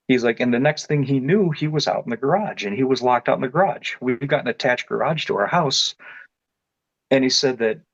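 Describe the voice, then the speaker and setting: A man's voice: mid-range voice, dry recording. A man telling a personal story in a casual, rambling way, with many restarts and fillers. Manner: grows more animated and louder as the story builds. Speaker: interview guest telling his experience. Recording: dull lo-fi dry sound.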